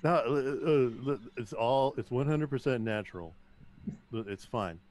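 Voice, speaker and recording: A man voicing a male mixologist and remedy peddler who reassures with smooth sales patter. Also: mid-range voice, a little slow, a little mellow, natural voice. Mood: reassuring.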